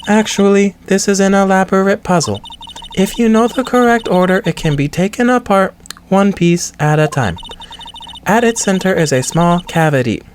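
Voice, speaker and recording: A man voicing a cool, composed young woman witness in a game, speaking in a raised, measured voice. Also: high voice, slight background noise, pitched above the performer's own voice, lightly acted. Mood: poised.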